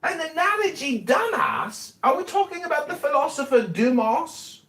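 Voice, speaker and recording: A man's voice: very high voice, very animated, normal speed, a bit bright, roomy sound, pitched above the performer's own voice, exaggerated voice. A man putting on a British accent, voicing a foul-mouthed, combative mock British man who rants pedantically. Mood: scornful. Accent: put-on British. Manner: insulting, pedantic ranting.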